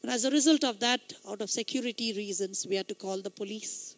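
A man with a light, high voice often taken for a woman's, preaching a sermon with emphatic storytelling that swells into loud exhortation. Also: a little fast.

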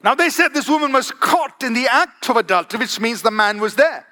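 A man's voice: extremely high pitch, lively intonation, brisk, bright, forceful tone. A man preaching a sermon, emphatic, asking the congregation for "Amen?" and varying his pace. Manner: emphatic, calls for "Amen?" and varies pace for effect.

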